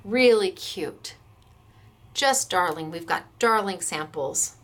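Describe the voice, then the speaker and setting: A woman's voice: on the low side, expressive, slow. An American woman who runs a craft shop, chatting enthusiastically as she demonstrates stamps and dies and gushes over the samples.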